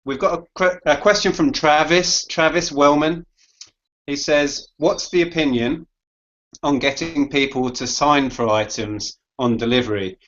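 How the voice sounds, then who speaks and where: Male co-host, steady explainer, slightly muffled lo-fi audio. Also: fairly high pitch, unhurried. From United Kingdom. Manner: steady, explanatory, reads questions aloud. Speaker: co-host reading viewer questions. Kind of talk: casual podcast chat. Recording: dull lo-fi audio.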